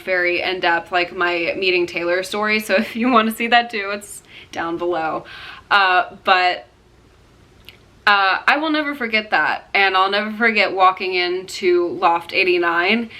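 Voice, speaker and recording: A young woman with a bright, clear-toned voice tells a personal story straight to the camera. She rambles and leans on "like" and "um". She acts out the other people's lines as she goes. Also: lowish voice. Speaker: vlogger.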